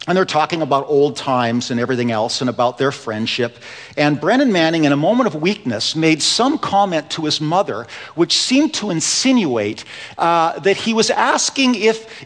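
A man preaching a sermon in a church, telling stories earnestly, dropping to a hush and then building with emphasis. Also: a little high. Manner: earnest storytelling preacher, swings between hushed and rising emphasis. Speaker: pastor. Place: church sanctuary. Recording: long reverb of a large hall.

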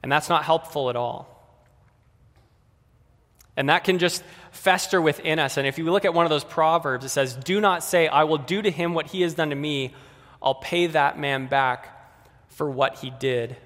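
Guy giving a chatty sermon to kids and grownups, kinda high voice, big hall echo. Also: fairly bright tone. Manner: conversational, addressing kids and adults directly. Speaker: preacher.

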